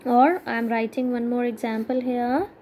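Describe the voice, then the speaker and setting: A woman's voice: fairly high pitch, steady tone, moderate pace, mellow, slight background noise, poor audio. A woman teacher with an Indian English accent giving a grammar lesson to schoolchildren, explaining step by step and asking checking questions.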